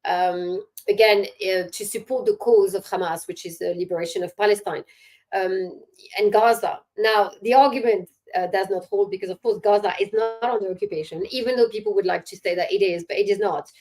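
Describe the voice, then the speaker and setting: A middle-aged woman answering interview questions, emphatic and sarcastic, pausing often with fillers. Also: medium pitch, fairly even intonation, a little mellow. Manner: hesitant with many fillers. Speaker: guest commentator.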